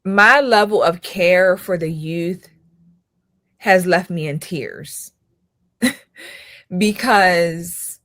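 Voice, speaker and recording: A woman's voice: on the low side, very slow, long pauses, fairly bright tone, no room sound. A woman in her thirties, a school counselor hosting her own channel, talking in a casual commentary style with emphatic rhetorical questions and frequent repetition.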